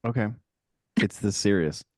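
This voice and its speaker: A man's voice: on the low side, moderate pace, no room sound, studio quality. A man co-hosting a podcast in casual chat, teasing and telling stories with energy. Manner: teasing, animated storytelling. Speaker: podcast co-host.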